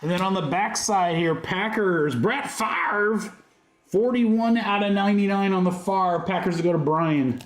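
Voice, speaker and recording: A man with a high voice hosts a livestream card break, calling out each card at a measured pace with upbeat, joking patter. The recording has a roomy echo.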